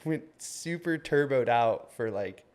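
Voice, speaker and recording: This podcast co-host, a guy in his twenties, has a mid-range, slightly mellow voice that's expressive and a little slow. His casual chat is loose and rambling, peppered with plenty of "like" and "man."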